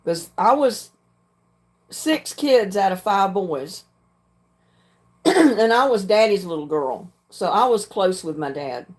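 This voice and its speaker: Older woman, livestream host, plain frank talk, frequent throat-clearing. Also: medium pitch, sing-song, slow pace, long pauses, a little mellow. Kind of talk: casual chat reading viewer comments.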